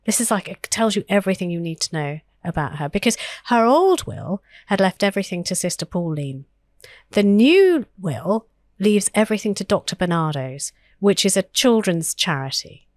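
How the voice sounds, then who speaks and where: A woman's voice: medium pitch, sing-song, moderate pace, dry recording, studio quality. A woman co-hosting a history podcast, talking in an earnest, thoughtful way with frequent fillers and restarts. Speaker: podcast co-host.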